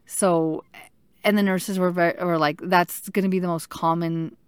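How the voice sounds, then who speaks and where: A woman talks in a lowish, easygoing voice, chatty and candid, with a wry self-deprecating humor. She is recorded close up in a dry, dead room. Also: fairly even intonation, moderate pace, smooth, dry recording. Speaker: vlogger sharing her chemotherapy journey. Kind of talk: casual personal storytelling.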